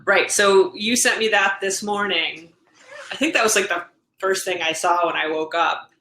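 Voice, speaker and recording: Bright-voiced woman chatting in an echoey room. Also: medium pitch, moderate pace. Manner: chatty, laughing often, quotes people in animated voices. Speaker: podcast co-host. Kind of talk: casual chat. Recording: roomy echo.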